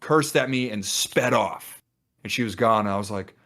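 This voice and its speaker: A young man with a fairly low voice tells a long story on a podcast with his friends. He rambles, restarts his sentences, and acts out the voices of the people in it. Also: moderate pace, a bit bright. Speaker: podcast co-host. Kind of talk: casual storytelling among friends.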